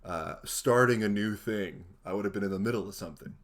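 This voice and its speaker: A man in casual comedic chat as a performer on a show, laughing often and talking haltingly with fillers. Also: fairly low pitch, a bit bright.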